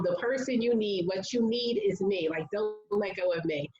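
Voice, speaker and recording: Woman, interview guest, candid storytelling, chatty fillers, medium pitch, echoey room. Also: normal speed, hardly any pauses, dull audio, a crowd in the background. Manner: earnest, conversational, many "like" fillers.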